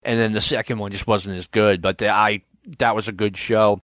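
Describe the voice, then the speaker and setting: A podcast host in his fifties, lowish-voiced and moderately paced, tells stories with lots of energy, acting out quotes and shouting them. The sound is clean studio audio with no echo.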